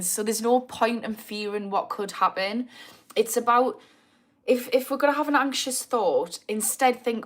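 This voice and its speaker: This woman speaks at a moderate pace with a fairly high pitch. In her thirties and from Newcastle, England, she hosts a live recovery Q&A chat in a Geordie accent, bluntly responding to viewers and cursing without restraint.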